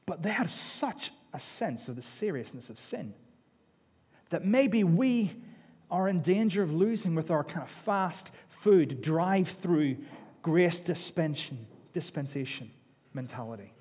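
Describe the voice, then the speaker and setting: A man's voice: a little high, expressive, measured pace, a little mellow, breathy edge. A man preaching a sermon in a conversational, self-deprecating way, often repeating his words. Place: church hall. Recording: long echo of a large hall.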